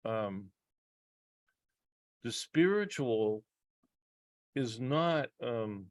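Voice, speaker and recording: Heard via video call with no room sound, a man taking part as a guest psychologist speaks in an expressive, mid-range voice. The conversation is reflective, and he comes across as earnest yet halting, restarting and pausing a lot.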